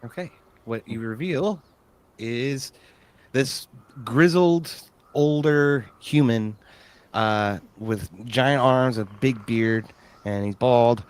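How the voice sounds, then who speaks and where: A man's voice: medium pitch, slow, clean tone. A man in an everyday middle register narrates the scene as game master. He talks easily, stopping on frequent fillers as he describes the room. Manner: relaxed, hesitant with fillers.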